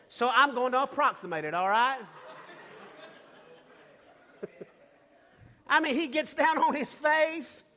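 A male preacher delivering a sermon, emphatic and repetitive, building to shouts, in a church with long reverb. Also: very high voice, slow pace, long pauses.

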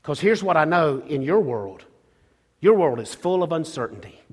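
High-voiced preacher in an echoing hall. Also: male voice, sing-song, normal speed, breathy edge. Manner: emphatic, repetitive preaching with restarts. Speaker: pastor. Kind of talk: sermon. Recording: long reverb of a large hall.

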